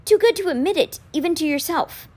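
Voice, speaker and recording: A woman's voice: very high-pitched, animated, a little fast, pitched above the performer's own voice. A woman reading a storybook aloud, voicing an earnest teenage boy who pleads urgently with his twin brother. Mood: pleading.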